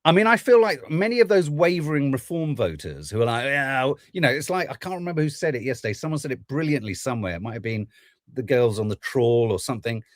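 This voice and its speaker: A man's voice: mid-range voice, animated, fast talker, no room sound, studio quality. A man hosting a podcast, ranting through political commentary with plenty of swearing. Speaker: podcast host.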